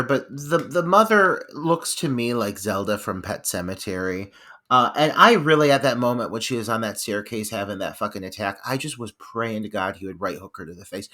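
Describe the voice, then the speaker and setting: A man's voice: fairly high pitch, bright, forceful tone. A man on a movie podcast giving exaggerated, profane reactions in casual chat. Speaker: podcast guest or co-host.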